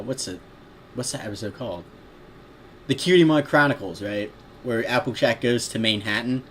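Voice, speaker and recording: A man's voice: lowish voice, a little hiss or hum. A man reading a story aloud in a casual way, breaking off with laughing, swearing asides. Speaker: reader. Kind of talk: casual read-aloud with commentary.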